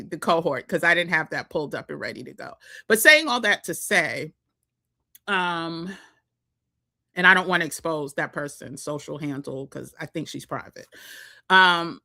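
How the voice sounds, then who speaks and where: A woman's voice: fairly low pitch, pushed and bright. A woman with a New York accent, coaching viewers in a chatty vlog, laughing often. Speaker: social media coach. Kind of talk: casual vlog talk to viewers.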